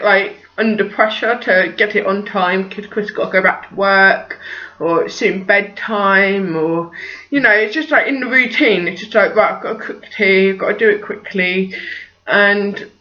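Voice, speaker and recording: Chatty mum vlogging, bright voice. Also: female voice, medium pitch, muffled recording. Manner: chatty and rambling, full of "like" and "just". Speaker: parenting vlogger. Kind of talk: casual vlog chat.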